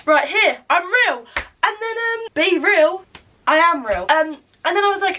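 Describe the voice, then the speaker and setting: A woman's voice: very high voice, lively intonation, measured pace, bright, forceful tone, distant mic. A young woman vlogging about her day at home, rambling and self-deprecating with plenty of swearing. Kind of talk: casual day-in-my-life vlog chat. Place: at home, indoors.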